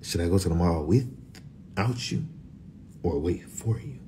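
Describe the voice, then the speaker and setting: A young man, vlogging casually, energetic and profane, often dropping to whispers. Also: deep voice, unhurried, noisy background. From Florida. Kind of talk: casual vlog talk.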